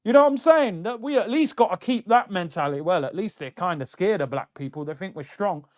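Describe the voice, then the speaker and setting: High-voiced man ranting about football. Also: brisk. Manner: animated, mocking, slangy. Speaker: football fan channel host. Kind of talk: ranting fan commentary. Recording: dull lo-fi sound.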